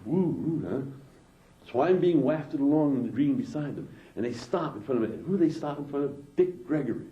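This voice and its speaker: A man's voice: mid-range voice, expressive, fairly quick, dark tone. A man doing stand-up, telling a long story loosely with lots of asides. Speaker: comedian. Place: small theatre stage. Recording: dull, echoey small theatre.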